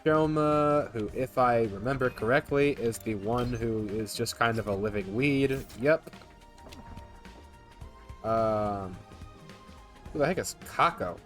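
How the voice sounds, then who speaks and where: A man's voice: medium pitch, slow, long pauses, soft background music. A man streaming a game live, making chatty, joking asides to his viewers. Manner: chatty, jokey asides to chat.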